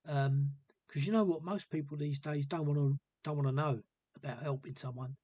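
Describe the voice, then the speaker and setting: A man tells a personal story in a loose, rambling monologue, circling back and repeating himself with earnest feeling. His voice is husky and slightly breathy, recorded close and dry with no room sound. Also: on the high side, fairly even intonation, normal speed, dark tone, no room sound. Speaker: vlogger telling a personal story.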